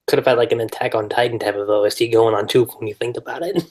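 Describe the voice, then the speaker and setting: A man's voice: mid-range voice, fairly even intonation, quick pace, darkish tone. A man guesting on a podcast in casual chat, laughing at his own remarks.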